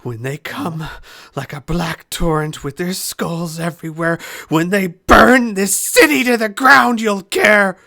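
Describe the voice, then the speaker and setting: A man's voice: sits high, a little slow, vocal fry, hardly any pauses, sharp tone, pitched above the performer's own voice, exaggerated voice. A man voicing a captured, hysterical alien prisoner who screams raving threats. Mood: menacing.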